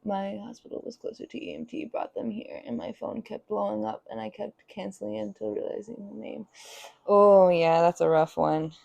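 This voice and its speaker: A woman streaming from her home kitchen, talking loosely while she cooks breakfast. She chats with viewers in an easygoing way and now and then calls out to her cats. Her voice sits at an ordinary middle pitch. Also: steady tone, moderate pace, vocal fry, darkish tone, no echo. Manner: chatty, talks to her cats in a high sing-song baby voice. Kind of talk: casual cooking stream chat.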